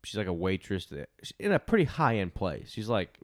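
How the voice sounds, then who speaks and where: A man's voice: low-pitched, wildly swooping pitch, normal speed, no room sound, clean studio sound. A young man rambling casually through a movie review, full of fillers and restarts.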